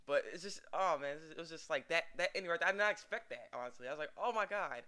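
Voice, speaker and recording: A man's voice: on the high side, fast talker, bright, forceful tone. A young man casually recapping an anime episode, rambling and acting out the characters' lines with laughs. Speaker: anime reviewer.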